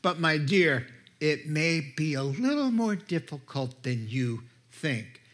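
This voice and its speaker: A noble lion king, calm and merciful, speaking with gentle firmness, as a preacher lends him his own voice. The delivery is slow and deliberate, set a little high. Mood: solemn. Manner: solemn, gentle, firm. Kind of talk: sermon storytelling.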